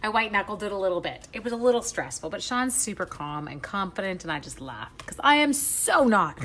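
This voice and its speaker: A woman's voice: medium pitch, big pitch swings, a little fast, pushed and bright, a little hiss or hum. A middle-aged woman chatting through a live stamping demonstration, greeting viewers by name with playful asides. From Canada. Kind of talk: live-stream crafting demo.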